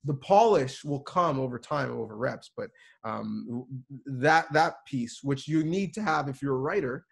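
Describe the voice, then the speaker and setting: Earnest gravelly-voiced man giving advice. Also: mid-range voice, animated, normal speed. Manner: earnest, emphatic, many restarts. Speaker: sports reporter and producer, guest. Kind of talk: conversational advice to students.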